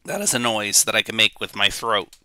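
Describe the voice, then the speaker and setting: A man's voice: lowish voice, very animated, brisk, pushed and bright, clean tone, dry recording. A male streamer joking around on a live reaction stream, rambling with goofy asides.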